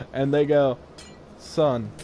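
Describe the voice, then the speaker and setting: A man's voice: medium pitch, a little slow, a little mellow, a little hiss or hum. A young man casually telling a funny personal story while playing a game, laughing often and acting out the people he quotes. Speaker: gaming video host.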